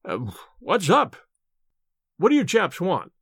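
A man's voice: sits high, huge pitch swings, slow pace, a bit bright, slightly rough, no room sound, clean studio sound, heavily acted. A man voicing a shaken, secretive scholar. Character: shaken, secretive male scholar, fat and pallid. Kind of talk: audiobook character voice.

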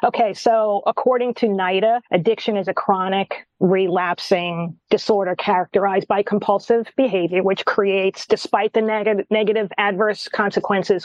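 An earnest woman talks as an expert guest, telling stories with animated quoted asides. Her voice is close and dry, with a slightly dull, lo-fi tone. She keeps a conversational, engaged pace. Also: medium pitch, no echo. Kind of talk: conversational interview.

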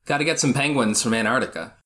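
A man's voice: medium pitch, lively intonation, fast talker, sharp tone. A man co-hosting a podcast, teasing the guest in casual, wry chat. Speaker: podcast co-host.

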